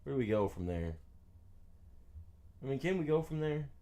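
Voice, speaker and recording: A man's voice: mid-range voice, big pitch swings, normal speed, warm tone. A man streaming a farming game, chatting casually to viewers in a rambling, jokey way and saying "man" constantly. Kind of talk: casual gameplay commentary.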